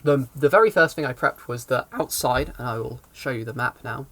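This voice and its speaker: A man's voice: medium pitch, lively intonation, a little fast, fairly bright tone. Rambling man recounting a game session. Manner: rambling, self-correcting storytelling. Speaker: game master giving advice. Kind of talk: casual explainer talk.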